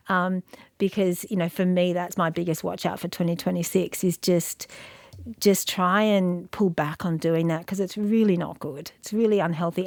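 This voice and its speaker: A middle-aged woman with a lower voice talks candidly as an interview guest, reflective and quick to poke fun at herself. She often restarts her sentences while she searches for the right words. The sound is close and dry, with no room around her. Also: a little mellow, no echo. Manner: self-deprecating, reflective, with frequent restarts and fillers. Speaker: guest, media industry CEO.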